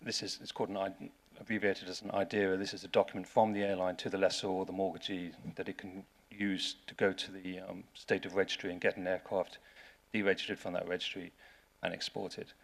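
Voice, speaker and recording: A man's voice: sits low, level tone, brisk, gravelly. A man with an English accent giving a conference talk in a dry, wry way, often restarting his sentences. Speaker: lawyer giving a seminar talk. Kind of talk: conference presentation.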